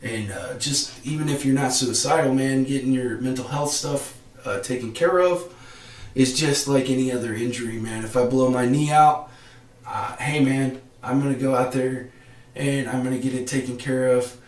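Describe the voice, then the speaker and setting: A man in the middle of the pitch range hosts a casual live podcast stream. He talks in an excitable, slangy way and laughs often. His voice rings a little in a roomy space. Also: moderate pace. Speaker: podcast host. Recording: roomy echo.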